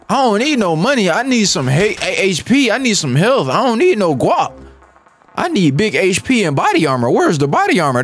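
A young man talks his way through a game, excitable and slangy, repeating phrases and muttering rap lines. His voice sits high and swings widely in pitch, and faint music plays under him. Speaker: gaming YouTuber. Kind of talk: live gameplay commentary.

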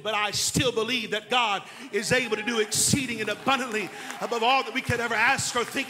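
An actor playing a grieving male pastor who preaches steadfast faith, swelling into shouted declarations. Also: very high-pitched, big-room sound, heavily acted. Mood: solemn. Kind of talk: sermon.

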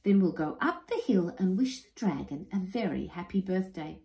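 A woman's voice: fairly low pitch, lively intonation, normal speed, vocal fry, dark tone. A woman voicing an eager young boy in a picture-book reading. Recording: roomy echo.

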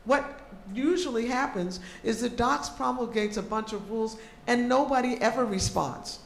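A woman's voice: a little high, moderate pace, vocal fry. A woman organizer talking to an audience at a public program, practical and often checking in with "okay?". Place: large echoey room with an audience. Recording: roomy echo, faint room noise.

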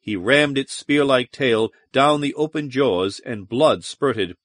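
A man narrating a science fiction audiobook in a measured, dramatic manner. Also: medium pitch, fairly bright tone, dry recording, clean studio sound. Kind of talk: scripted narration.

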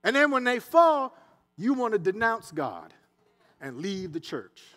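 Guy preaching, fairly high voice, loose and chatty with the crowd, bit of hum. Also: a little slow. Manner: animated, conversational preaching with dialect and asides. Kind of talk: sermon. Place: church sanctuary.

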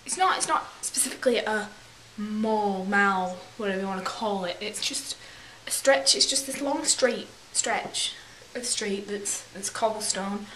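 A woman's voice: mid-range voice, a little slow, hardly any pauses, a bit bright. A young woman vlogger telling rambling stories in a put-on English accent, often correcting herself as she goes. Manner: rambling, self-correcting, chatty. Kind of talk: casual storytelling vlog. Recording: echoey room with faint hiss.

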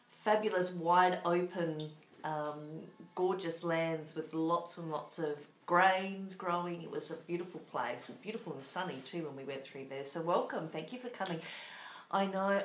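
A woman's voice: fairly low pitch, fairly bright tone. A woman with an Australian accent hosting a live craft show from her home craft room, bubbly and chatty as she greets viewers by name. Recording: echoey room.

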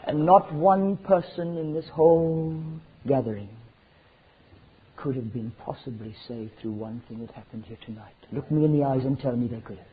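A man preaching a sermon, swinging from loud fervent declarations to hushed near-whispers. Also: mid-range voice, normal speed, breathy edge. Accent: South African. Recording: tinny lo-fi sermon recording with faint noise.

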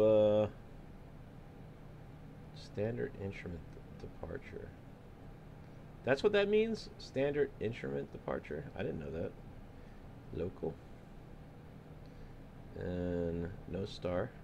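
Lively laid-back male streamer. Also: lowish voice, gravelly, slight background noise. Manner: laid-back, joking, thinking aloud. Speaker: flight sim streamer. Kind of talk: casual live-stream chat.

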